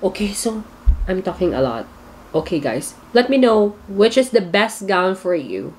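With a mid-range, sing-song voice at normal speed, this Filipino-accented vlogger gushes over pageant gowns. She's torn between favorites and exclaims constantly, against a noisy background with music playing.

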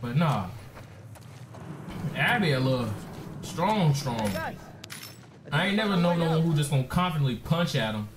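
A man calls out a let's-play in a hyped, playful trash-talking flow, his slightly high voice leaping up and down. The recording sits in an echoey room with clear background noise. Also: big pitch swings, normal speed, long pauses. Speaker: gaming streamer.

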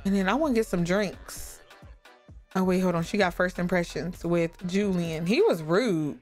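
A woman giving lively, chatty commentary on a life-sim game, talking to her viewers. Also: fairly low pitch, moderate pace, faint music behind. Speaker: gaming YouTuber. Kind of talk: casual gameplay commentary.

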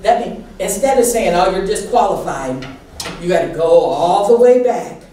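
A woman pastor preaching a sermon with call and response from the congregation, animated and laughing often. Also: mid-range voice, normal speed, slight background noise. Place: church sanctuary. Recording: echoey church hall, distant mic.

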